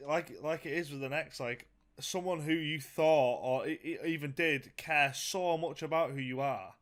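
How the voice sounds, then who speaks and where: Young man, podcast co-host, slightly high voice, supportive interjections. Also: normal speed, a bit bright. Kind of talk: casual chat.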